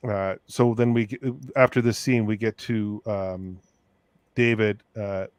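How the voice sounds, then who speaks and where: Low-voiced man recapping casually. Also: steady tone, unhurried, smooth, no echo. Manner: rambling recap with many fillers. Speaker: podcast host. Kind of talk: casual review chat.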